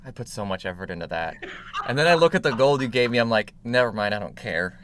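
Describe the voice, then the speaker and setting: Man doing a put-upon older tailor, dry sarcasm, mid pitch, tabletop game character. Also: animated, quick pace, a bit bright, close to an everyday voice. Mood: wry. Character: semi-elderly male human tailor, wry and grumbling.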